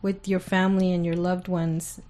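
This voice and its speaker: A woman's voice: on the low side, level tone, moderate pace, warm tone. A woman co-hosting a podcast, talking earnestly and casually. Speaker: podcast co-host. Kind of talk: casual chat.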